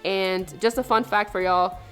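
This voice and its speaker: A woman's voice: mid-range voice, steady tone, unhurried, fairly bright tone. A woman co-hosting a casual faith podcast, explaining a story in a playful, joking way. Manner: playful, explains and jokes with frequent laughs. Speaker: podcast co-host. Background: faint background music.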